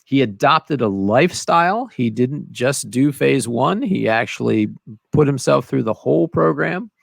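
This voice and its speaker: A man's voice: medium pitch, animated, measured pace, creaky, no room sound, studio quality. A man hosting a podcast, interviewing his guest in an enthusiastic, praising way. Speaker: podcast host. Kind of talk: casual interview chat.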